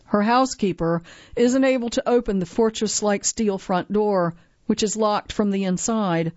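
A woman giving a scripted narration of a magazine article, reading in a measured way and slowing down for dramatic moments. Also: mid-range voice, darkish tone, no echo. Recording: dry, slightly dull lo-fi sound.

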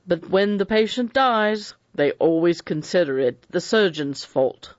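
A self-possessed middle-aged doctor, as a man reads him, smooth and evasive, with a slow, unhurried delivery. The sound is dry and a little dull. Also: high-pitched, expressive, dry recording. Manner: composed, good-natured, evasive.

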